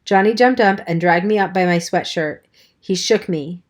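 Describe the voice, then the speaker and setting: A woman reading a novel aloud as an audiobook narrator, in a steady storytelling manner. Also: fairly low pitch, normal speed. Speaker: audiobook reader. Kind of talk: scripted narration.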